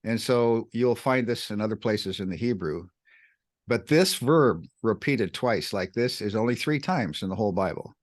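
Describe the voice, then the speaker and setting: A man co-hosting a podcast, teaching the Bible in an animated way, swinging his pitch up and down to stress words. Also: moderate pace. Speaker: podcast co-host.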